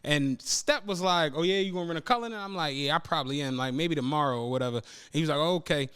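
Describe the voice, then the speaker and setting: A man's voice: a little high, fast, fairly bright tone, clear, resonant tone. A young adult man hosting a podcast, telling a travel story in casual chat, acting out his friends' lines and swearing freely. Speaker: podcast host.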